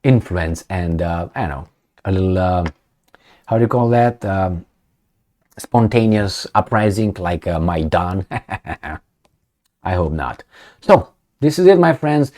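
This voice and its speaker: A man's voice: sits low, lively intonation, measured pace, long pauses, darkish tone. A man in casual commentary, reading news aloud and joking sarcastically. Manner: sarcastic and joking, laughs often. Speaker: political commentary vlogger.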